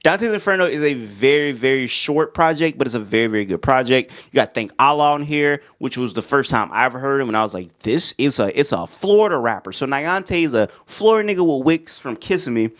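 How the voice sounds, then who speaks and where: A young man talks through his favorite albums in a loose, slangy, excitable way. His pitch sits in the middle for a man, and he breaks into bits of song when a track excites him. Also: a little fast, hardly any pauses. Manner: loose and excitable, slangy, sings along to songs. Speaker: music reviewer. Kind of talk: casual album review talk.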